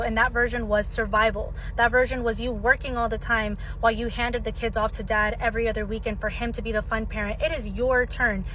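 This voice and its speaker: A woman's voice: on the high side, a bit bright, a little hiss or hum, low-quality recording. A woman family lawyer speaking directly and conversationally, explaining a custody case and giving advice. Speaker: family law attorney. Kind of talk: advice commentary.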